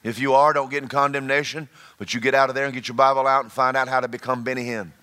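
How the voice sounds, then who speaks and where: A man preaching a sermon, folksy and joking, swinging between loud exhortation and quiet storytelling. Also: mid-range voice, level tone, fast, smooth.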